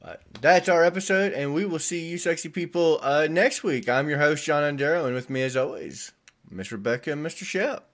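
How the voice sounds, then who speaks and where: A man with a Southern US accent hosting a casual podcast chat, relaxed and chatty with fillers. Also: a little high, a little fast. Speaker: podcast host.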